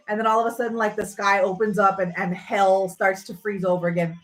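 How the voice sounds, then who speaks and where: A woman's voice: medium pitch, fairly even intonation, a little fast, hardly any pauses, poor audio. A woman hosting a livestream, ranting casually and sarcastically, swearing freely. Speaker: livestream host. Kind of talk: casual rant.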